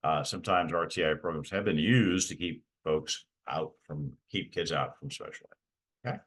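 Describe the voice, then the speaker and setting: A middle-aged man presents a training talk for parents as a parent advocate. His bass voice is fairly bright and at normal speed. He speaks emphatically, repeats key points and frequently checks in with "okay?"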